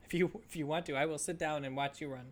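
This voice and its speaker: A woman's voice: low-pitched, quick pace, heavy background noise. A woman co-hosting a podcast in casual chat, teasing and giggly as she tells stories. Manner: teasing, giggly, animated storytelling. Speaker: podcast co-host.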